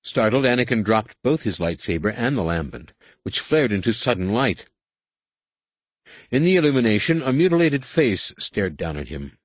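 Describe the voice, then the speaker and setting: A man narrating an audiobook in steady, measured scripted narration. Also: low-pitched, no room sound.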